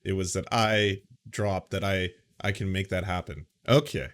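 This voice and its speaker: A man's voice: sits low, steady tone, moderate pace, fairly bright tone. Man wryly commenting on a clip. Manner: wry, reads chat aloud. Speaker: reaction channel host. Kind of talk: casual reaction commentary.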